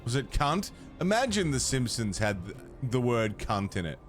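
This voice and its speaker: Streaming a video game, an Australian man chats with his viewers in a sing-song, mid-range voice at a moderate pace. Faint music plays behind him, and he swears freely and reads chat messages aloud.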